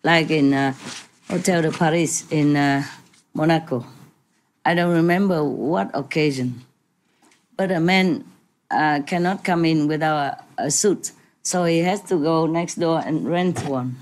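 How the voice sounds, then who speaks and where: A woman's voice: sits low, measured pace, a little hiss or hum. A woman, a spiritual teacher, telling jokes and chuckling through loose asides.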